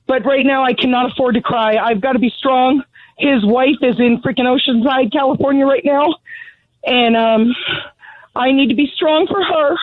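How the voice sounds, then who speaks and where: Mad middle-aged woman ranting down a tinny phone line, high voice. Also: moderate pace, dry recording. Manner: angry, blunt, ranting. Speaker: grieving mother calling in. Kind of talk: phone interview. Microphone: telephone.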